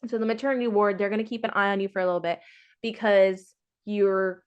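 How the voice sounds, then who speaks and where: A woman's voice: mid-range voice, steady tone, fast talker, clean tone, muffled recording. Frank woman telling a story, acting out dialogue. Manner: frank, exasperated. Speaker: podcast host sharing her surrogacy story. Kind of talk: casual chat.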